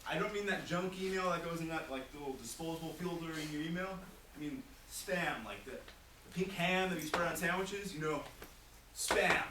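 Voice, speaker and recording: A teenage boy doing a goofy, boastful comic monologue at a talent show, breaking into shrieking impressions. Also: on the high side. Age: teens. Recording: echoey room from far off, hissy noise.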